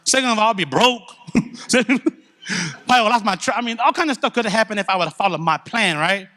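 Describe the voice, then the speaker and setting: Animated man telling his church story. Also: sits high, brisk. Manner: candid, conversational, animated storytelling. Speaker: church speaker giving testimony. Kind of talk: testimony in a church service.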